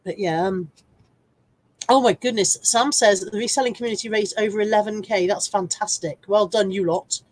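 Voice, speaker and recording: A woman's voice: mid-range voice, moderate pace, dry recording. A woman hosting a casual live stream while full of a cold, chatting, rambling and poking fun at herself as she greets viewers by name. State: congested with a cold, coughing.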